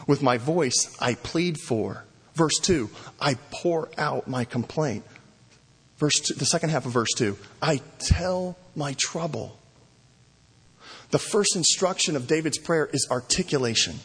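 Male pastor, husky voice, sermon delivery with storytelling, church hall reverb. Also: mid-range voice. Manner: storytelling preacher, varies pace, acts out cries. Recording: long reverb in a large hall.

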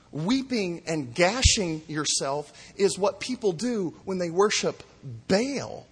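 A man preaching a sermon with an emphatic, mocking delivery that swings between loud exclamations and hushed asides. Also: high-pitched, slightly rough, big-room sound. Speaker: pastor.

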